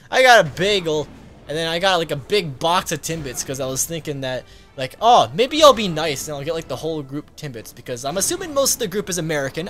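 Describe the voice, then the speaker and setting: A man, a gaming YouTuber, telling a casual story-time vlog in a rambling way, full of fillers and quick laughs. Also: a little high, a bit bright.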